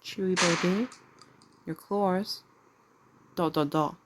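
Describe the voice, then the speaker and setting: A woman with a low voice reads game narration aloud and chats casually between the lines. Her delivery is relaxed and conversational, with asides to her pet. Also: slow. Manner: chatty, talks to her pet while reading. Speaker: game streamer. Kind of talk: casual gameplay commentary and reading story text aloud. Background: faint game music.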